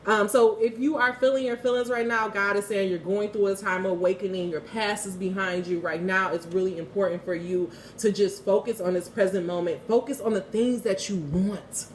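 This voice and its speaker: A woman in her thirties giving a casual spiritual card reading and prayer, candid and quick to swear and laugh. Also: medium pitch, fairly even intonation, slight background noise. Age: 30s. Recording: echoey room, heard from a distance.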